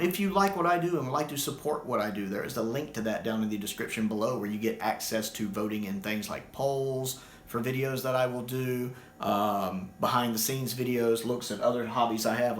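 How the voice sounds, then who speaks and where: A man gives a casual video review in an animated, exasperated rant. His voice is bright and forceful, at a middling pitch for a man. The recording has a noticeably roomy echo. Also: fairly quick, a little hiss or hum. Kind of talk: casual ranting review vlog.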